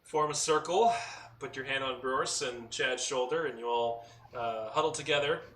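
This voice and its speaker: Bright-voiced man running a tabletop game. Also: medium pitch, moderate pace. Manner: relaxed narration with many fillers. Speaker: game master. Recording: roomy echo, mic at a distance, faint noise.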